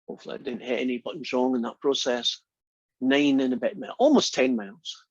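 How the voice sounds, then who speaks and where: A mid-range, slightly rough male voice talks a little fast, free of room sound. The speaker is a math instructor giving a chatty, teasing classroom lecture with frequent questions to students, recorded in dull lo-fi.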